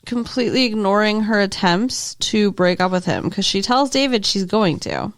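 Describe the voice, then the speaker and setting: A woman's voice: medium pitch, expressive, moderate pace, no echo. A woman co-hosting a podcast, laughing often and bemused as she recaps a TV episode. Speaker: podcast co-host. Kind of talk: casual chat recapping a TV episode.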